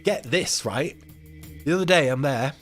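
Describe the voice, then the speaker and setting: A man's voice: on the high side, expressive, normal speed, a bit bright, faint music behind. A man hosting a live chat stream, telling a rambling, emotional story full of quoted voices. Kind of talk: casual chat.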